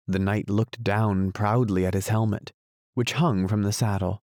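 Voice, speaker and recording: A man narrating a classic storybook audiobook in a measured, even reading. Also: lowish voice, dry recording, studio quality.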